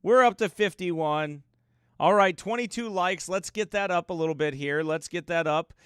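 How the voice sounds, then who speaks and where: A man's voice: high-pitched, moderate pace, a bit bright, smooth, no echo. Man, pastor, casual livestream chat, joking, chatty, dry close sound. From United States. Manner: chatty, joking, reads viewer names aloud.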